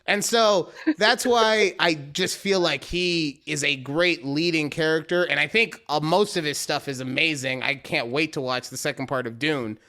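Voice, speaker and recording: A young man co-hosts a podcast, chatting casually and acting out quotes as he tells animated stories. His voice is a little high, and he moves at a moderate pace with hardly any pauses.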